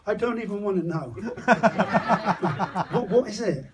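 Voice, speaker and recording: A man's voice: high voice, expressive, slow pace. A man doing a crude, swearing stand-up comedy set outdoors on a hot tub, telling a story with mock-paranoid asides. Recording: distant mic, loud crowd around. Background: crowd laughing.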